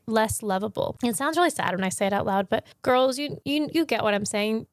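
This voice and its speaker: A woman's voice: fairly high pitch, no echo, studio quality. A woman hosting a solo podcast, talking candidly and jokingly, rambling a little and swearing casually. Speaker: podcast host. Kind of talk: solo confessional podcast talk.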